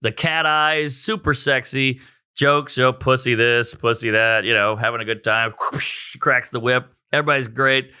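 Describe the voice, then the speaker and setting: Bright-voiced profane comic man. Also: mid-range voice, normal speed, smooth. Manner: profane, animated anecdote-telling. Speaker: stand-up comedian guest. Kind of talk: comedic storytelling in casual chat.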